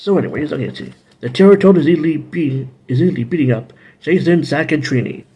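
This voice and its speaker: A man with a gravelly, husky voice talks through TV episodes in a loose, casual review. He rambles, drifts into playful side comments and hums little tunes as he goes. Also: on the high side, quick pace, mellow. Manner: rambling, playful asides and humming.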